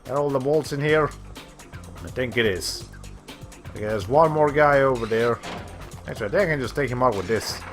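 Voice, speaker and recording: A man streaming a video game in a medium-pitched voice that is going hoarse as he loses it. He rambles and thinks aloud between moves and swears casually. Game music plays faintly behind him. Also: normal speed, long pauses. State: losing his voice. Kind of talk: casual let's-play commentary.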